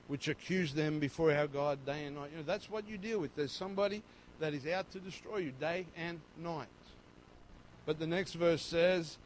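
High-voiced man preaching a lively sermon. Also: slight background noise, rough recording. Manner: preaching with dynamic swings between loud and soft. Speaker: pastor.

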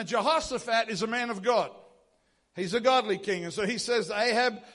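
A pastor preaching a sermon, retelling a scripture story with lively acted-out dialogue. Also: male voice, high voice.

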